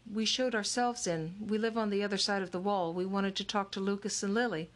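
A woman's voice: fairly high pitch, lively intonation, moderate pace, fairly bright tone, voice pushed up. A woman voicing a meek, hopeful young girl.

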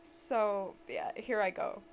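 Animated young woman telling stories. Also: mid-range voice, slow pace, slight background noise. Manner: animated storyteller, laughs often. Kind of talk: casual chat.

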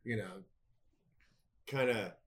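Cali guy co-hosting, chill and agreeable, bright voice. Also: fairly low pitch, slow pace. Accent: Californian. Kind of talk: casual chat.

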